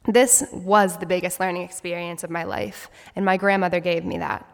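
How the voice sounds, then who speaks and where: A woman's voice: fairly low pitch, lively intonation, normal speed, creaky. Earnest young woman in a reverberant hall. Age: 20s. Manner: earnest, reflective storytelling. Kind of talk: personal story speech.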